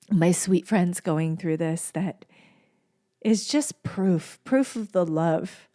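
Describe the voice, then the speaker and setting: A woman hosting a solo podcast, speaking slowly and unhurriedly with a medium pitch. Her delivery is gentle, soft and tender. She often repeats a phrase for emphasis. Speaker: podcast host. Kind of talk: heartfelt solo podcast monologue.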